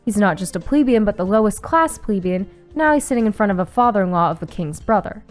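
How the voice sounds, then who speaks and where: A young woman reading a visual novel aloud and reacting with sudden excited squeals and swearing. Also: medium pitch, quick pace, soft background music. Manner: reads story text aloud, breaks into excited squeals and swearing. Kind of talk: casual playthrough narration with reactions.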